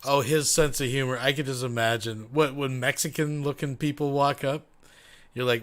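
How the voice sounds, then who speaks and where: A man's voice: medium pitch, fairly even intonation, normal speed. A man making sarcastic, mocking remarks in casual chat.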